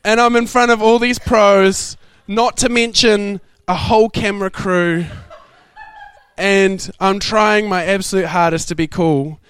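A young man preaching a sermon, telling stories in a lively way and laughing often. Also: high-pitched, a little slow, clear, resonant tone. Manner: animated, laughing storyteller. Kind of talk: sermon storytelling.

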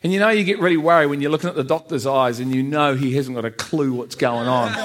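A man giving a personal church testimony, frank and self-mocking, often laughing at himself. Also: medium pitch. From England. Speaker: testimony speaker.

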